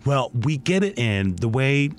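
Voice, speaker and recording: A playful man chatting on a radio talk show, his voice sitting at an everyday middle pitch. He talks theatrically, hams up his stories and laughs easily. The sound is a clean radio studio recording. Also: very animated, measured pace, slight background noise. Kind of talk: casual holiday chat.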